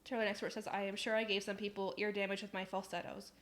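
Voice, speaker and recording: A woman's voice: medium pitch, level tone, quick pace, a bit bright. A young woman chatting casually on a live stream, reading out chat messages, laughing often and swearing in passing.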